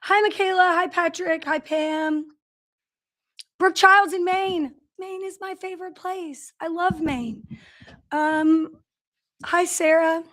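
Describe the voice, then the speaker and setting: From an office inside a big factory building, a woman runs a relaxed company livestream in a very high-pitched, slightly bright voice. Her pace is slow with long pauses and fairly even intonation as she greets viewers by name and chats through stories.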